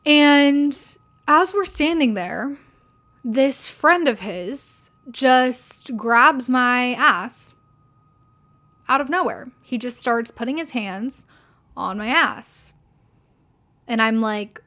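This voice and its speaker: A young woman talks straight to her podcast listeners in a casual, unscripted monologue. Her voice sits a little high, and she is blunt and indignant, cursing freely and filling her sentences with "like". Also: lively intonation, slow, fairly bright tone. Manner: blunt, heavy swearing, frequent "like"; indignant, venting. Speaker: podcast host.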